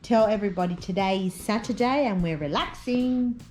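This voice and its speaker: A young mother films a casual family vlog on a handheld phone camera outdoors in a park, coaxing her toddler in a sing-song voice. Her voice is mid-range and darkish at a moderate pace, and the low-quality recording has background music over it.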